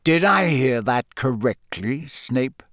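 A grizzled old wizard-hunter, as a male narrator puts him on, growling his lines slowly and with menace. His words come out rough and unhurried. The read is dry, with no room around it. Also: medium pitch, expressive, fairly bright tone, no room sound.

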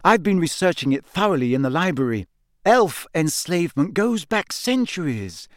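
An earnest, bossy teenage schoolgirl in an audiobook, as a man puts her on, her voice raised and full of lively swings. She talks briskly and insistently, in a dry, close studio sound. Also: on the high side, no room sound, pitched above the performer's own voice. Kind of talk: audiobook character voice.

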